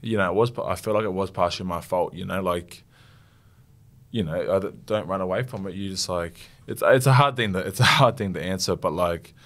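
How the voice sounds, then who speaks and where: A young Australian man, a rugby league captain, talking earnestly and haltingly in an interview, getting emotional. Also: low voice, fairly bright tone. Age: young adult. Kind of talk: casual interview.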